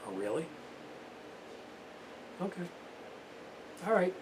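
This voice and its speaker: A man's voice: on the high side, sing-song, takes it slowly. A middle-aged man, an auto mechanic, giving a plainspoken, chatty how-to demonstration in his repair shop. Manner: plainspoken, chatty, uses fillers. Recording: noisy shop background.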